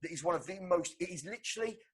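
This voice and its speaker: A man co-hosting a podcast, excitedly pitching a film plot with swearing and shouted sound effects. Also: racing, breathy edge. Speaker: podcast co-host. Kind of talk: animated movie-pitch storytelling.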